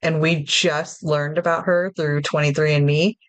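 A woman's voice: low-pitched, little pitch movement, moderate pace, no room sound. A woman hosting a chat podcast, upbeat and chatty, steering the talk between topics. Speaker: podcast host. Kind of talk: casual chat.

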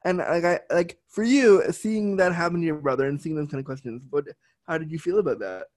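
A man's voice: on the high side, fairly quick, a little mellow. A young adult man hosting a casual interview chat, candid and swearing freely. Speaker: podcast host.

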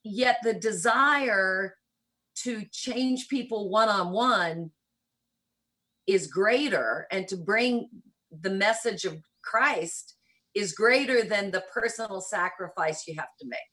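Husky older woman with faint Southern accent. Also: mid-range voice, slow, bright, forceful tone. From rural Kentucky, US. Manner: storytelling, reflective, light humor. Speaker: interview guest, church missionary. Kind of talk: conversational interview.

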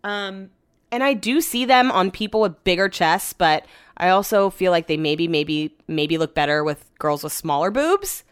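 A woman's voice: lowish voice, expressive, moderate pace, clean tone, no echo, clean studio sound. A young woman podcasting in a casual, rambling chat, retelling her day with exasperation.

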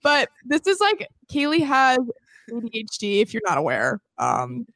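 A woman's voice: fairly high pitch, huge pitch swings, normal speed, fairly bright tone, no room sound, rough recording. A woman in her twenties co-hosting a podcast, teasing her friends and steering the chat. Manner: teasing, leads the talk and sets up topics. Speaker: podcast co-host. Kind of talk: casual chat.

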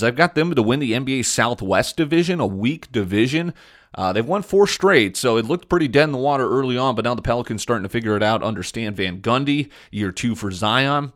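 Blunt low-voiced man hosting sports talk. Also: a bit bright. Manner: opinionated, blunt, frequent fillers. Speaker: podcast host. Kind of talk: casual sports talk monologue.

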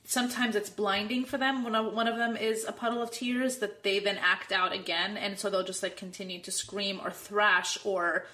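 Mom thinking out loud, casual and reflective. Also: female voice, mid-range voice, flat delivery, moderate pace, hardly any pauses. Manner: reflective, conversational. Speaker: guest, mother. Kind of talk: casual conversation.

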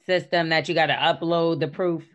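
A woman's voice: sits low, steady tone, brisk, dull audio. A woman co-hosting a podcast, talking bluntly in casual chat and swearing freely. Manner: blunt, swears freely, reads news aloud. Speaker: podcast co-host.

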